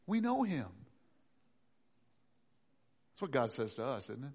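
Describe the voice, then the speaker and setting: A middle-aged man preaching a sermon, acting out voices and swinging from loud to hushed. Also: medium pitch, sing-song, a little slow, pauses often. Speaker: pastor.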